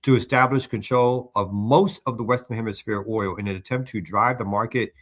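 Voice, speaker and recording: A man's voice: medium pitch, fairly even intonation, fairly quick, a bit bright. A man hosting a morning show, talking through a news story in an earnest, discursive way. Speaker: news commentary host. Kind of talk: political news commentary.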